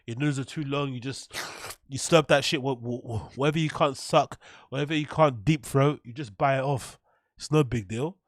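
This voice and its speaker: A man's voice: medium pitch, normal speed, dry recording, studio quality. A man hosting a reaction show, ranting in mocking, incredulous, sweary bursts. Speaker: host. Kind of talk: reaction commentary.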